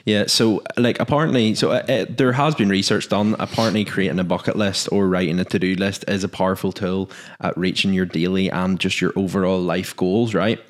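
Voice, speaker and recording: A man hosting a casual podcast chat, joking and chatty. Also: sits low. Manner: lively, joking, quick asides. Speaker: podcast host.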